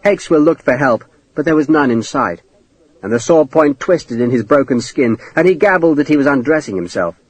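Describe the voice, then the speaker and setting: A man narrating an audiobook in a dramatic, expressive reading style. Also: mid-range voice, brisk, dry recording, poor audio. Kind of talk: scripted narration.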